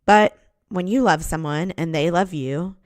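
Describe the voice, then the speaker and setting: A woman's voice: fairly low pitch, unhurried, darkish tone, no room sound, clean studio sound. A woman, a podcast host candidly telling her own story, with a few restarts. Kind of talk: personal storytelling.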